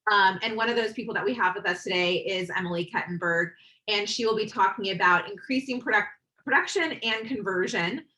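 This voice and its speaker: A woman's voice: mid-range voice, brisk, bright, forceful tone, low-quality recording. A woman hosting a webinar, introducing the guest and explaining the chat and Q and A in a friendly, organized way. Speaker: webinar host.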